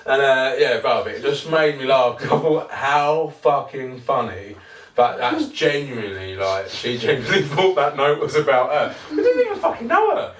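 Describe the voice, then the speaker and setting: Sweary, lively man telling stories. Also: medium pitch, unhurried. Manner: sweary, rambling storytelling with frequent laughter. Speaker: podcast co-host. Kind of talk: casual chat. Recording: roomy, distant mic with faint noise.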